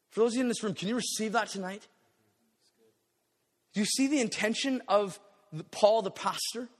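A lively sermon comes from a pastor with a high-pitched voice, who breaks off for playful asides and dramatizes short quotes. Everything resounds through a big hall, trailing a long echo.

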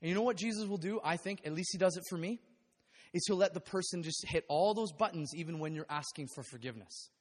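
A high-pitched male pastor preaches in a church sanctuary, his voice trailing off into a long hall reverb. He talks candidly and pokes fun at himself, stumbling over restarts and breaking into laughter. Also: fast talker, husky. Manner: candid, self-deprecating, rambling with restarts and laughs. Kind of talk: sermon.

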